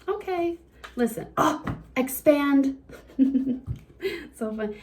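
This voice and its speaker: A woman giving a casual, encouraging card reading to her viewers, chatty and quick to laugh. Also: mid-range voice, expressive, a little mellow, slight background noise. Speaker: tarot reader.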